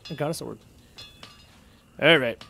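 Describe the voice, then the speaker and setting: A man's voice: a little high, unhurried, vocal fry, slightly rough. A man livestreaming a game, casually chatting, joking and reading out viewer messages as he plays. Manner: animated, jokey, reads out chat messages. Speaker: gaming livestreamer. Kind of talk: casual livestream chat while playing.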